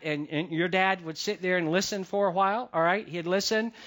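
Man, pastor, preaching, high voice, conversational, asks congregation questions. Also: fairly even intonation, brisk, few pauses, fairly bright tone. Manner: conversational, repetitive, engages congregation directly. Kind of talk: sermon.

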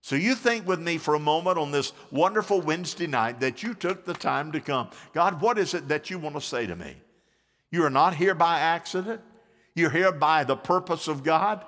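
A man's voice: on the high side, animated, moderate pace, fairly bright tone, long reverb tail. A male pastor preaching a sermon, drawing the congregation into call-and-response with sweeping swings of voice. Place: church sanctuary.

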